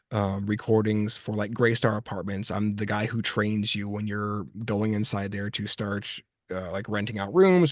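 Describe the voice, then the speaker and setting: A man's voice: on the low side, no echo. Chatty man voice actor, dry sound. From Texas. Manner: chatty, restarts phrases while telling anecdotes. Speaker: voice actor guest. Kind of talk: casual interview chat.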